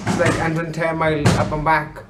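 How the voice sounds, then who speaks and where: A man's voice: a little high, monotone, a little fast, over loud music, poor audio. Sweary, laughing boxer, a man. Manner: blunt and sweary, laughs easily. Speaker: boxer, interview guest. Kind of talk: casual chat.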